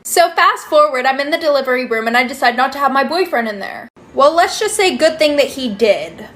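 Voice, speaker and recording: A young woman with a high voice tells her story in a sassy, swearing way. She stretches her punchlines out for effect. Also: animated, fairly quick, a bit bright, faint music behind. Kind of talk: casual storytime.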